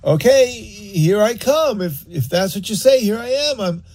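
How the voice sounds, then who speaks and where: A nervous apostle stammers and halts, as a man puts him on, his voice lifted noticeably higher than the preacher's own and pulled back to a softer, unsure level. The gravelly, husky edge of the speaker stays under it. He is a grown man working up the nerve to step forward. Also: animated, exaggerated voice. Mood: hesitant. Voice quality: stammering, halting. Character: nervous, hesitant adult male apostle. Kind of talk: sermon storytelling.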